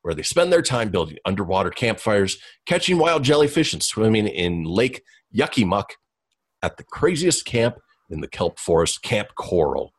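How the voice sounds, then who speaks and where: A man's voice: on the low side, big pitch swings, normal speed, slightly rough. A man co-hosting a podcast, reading entertainment news and chatting casually, laughing often and tripping over names. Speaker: podcast co-host.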